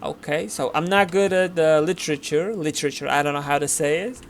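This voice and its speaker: A man with a Turkish accent talks casually over his gameplay in a slightly high voice. He rambles, leaning on fillers. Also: a little fast, a little hiss or hum. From Turkey. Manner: rambling, filler-heavy, chatty. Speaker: gaming channel host.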